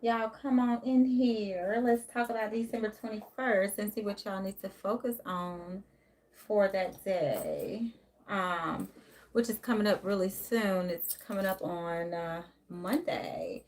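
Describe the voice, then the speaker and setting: A woman of middle pitch chats loosely to her live viewers as a tarot reader. She talks from home in a relaxed, rambling way. She greets people by name and drifts between thoughts with easy fillers. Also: unhurried. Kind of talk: casual live-stream chat. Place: home, near a closet.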